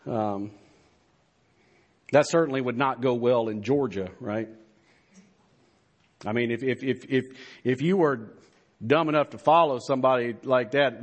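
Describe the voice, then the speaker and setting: A man's voice: medium pitch, normal speed, long pauses. Male pastor, mid-range voice, earnest emphatic sermon delivery. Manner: earnest, emphatic preaching with repetitions.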